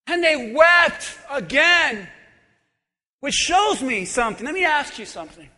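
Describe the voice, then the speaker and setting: A male pastor preaching an animated, humorous sermon that swings between shouting and quiet talk. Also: extremely high pitch, measured pace. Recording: long reverb of a large hall.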